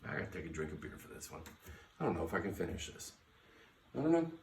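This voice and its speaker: A man's voice: sits low, big pitch swings, fast talker, slight background noise. A man hosting a podcast, giving brash, profane sports picks in casual talk and hyping his teams. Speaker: podcast host. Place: bar lounge. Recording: echoey room, mic at a distance.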